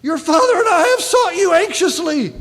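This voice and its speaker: A man voicing a frantic mother searching for her lost son, shouting in a shrill, panicked way. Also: big pitch swings, normal speed, exaggerated voice. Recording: long reverb of a large hall.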